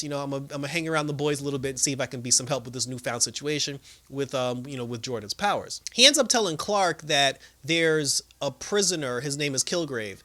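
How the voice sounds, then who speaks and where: A young man casually recapping a TV episode in a chatty, loose way, full of fillers and quick laughs. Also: medium pitch, sharp tone. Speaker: TV episode reviewer.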